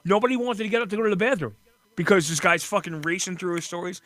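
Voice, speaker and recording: Profane New man, bright voice. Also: sits high, fast. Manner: profane, animated storyteller. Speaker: radio show host. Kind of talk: crude casual banter.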